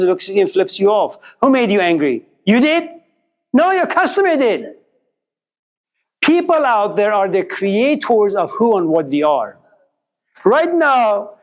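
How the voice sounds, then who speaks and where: A middle-aged man lecturing a class, animated and questioning, telling stories to make his points. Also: sits high, poor audio. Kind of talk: classroom lecture with student exchanges.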